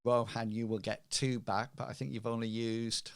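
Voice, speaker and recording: A man narrating as game master of a tabletop game, halting with many ums. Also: mid-range voice, level tone, gravelly, clean tone, no echo.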